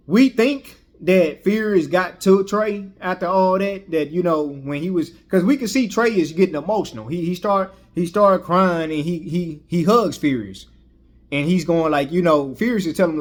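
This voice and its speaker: A man with a slightly higher voice recaps a film casually. He rambles, often restarting sentences and filling gaps with "you know.". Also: unhurried. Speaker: movie reviewer.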